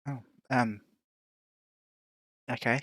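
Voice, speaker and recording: Hesitant woman with a very deep voice. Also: steady tone, drawn-out words, fairly bright tone, dry recording, studio quality. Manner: hesitant, stammering replies. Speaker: player. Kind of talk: tabletop role-play chat.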